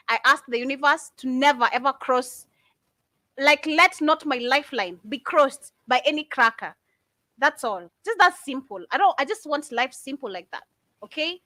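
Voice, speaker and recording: A woman's voice: high-pitched, pushed and bright, no room sound. A woman giving impassioned commentary, fiery and indignant, firing off rhetorical questions. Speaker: commentator reacting to videos.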